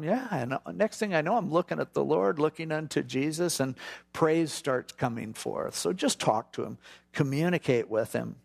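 Teaching scripture conversationally and at ease, this middle-aged pastor has a voice on the high side with a gravelly, creaky texture. Brief performed prayers and side remarks pop up throughout.

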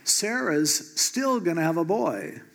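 A man's voice: on the high side, lively intonation, slow pace, vocal fry, a bit bright, heavily acted. A man voicing a casual, chatty angel messenger in a retold sermon story. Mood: breezy. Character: angel of the Lord, breezy male messenger.

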